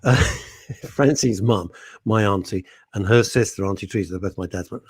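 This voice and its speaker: A man hosting a radio talk show, chatting theatrically with mock outrage and quiet asides. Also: on the low side, brisk, husky, dry recording. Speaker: radio host. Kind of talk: casual radio banter. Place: radio studio. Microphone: studio microphone.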